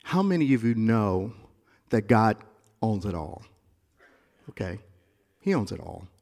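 A male pastor preaching a sermon in a church, moving between quiet, confiding asides and loud, rising climaxes. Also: lowish voice, sing-song, measured pace, in a large hall.

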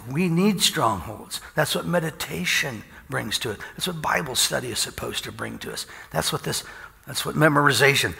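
A man's voice: medium pitch, vocal fry, pushed and bright, big-room sound. A middle-aged man preaching an informal sermon, telling folksy stories and chuckling often.

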